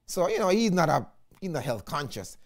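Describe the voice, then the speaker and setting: A man with a Jamaican accent, an evangelist preaching a sermon in an animated way, often calling his listeners "friends". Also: on the high side, a little fast.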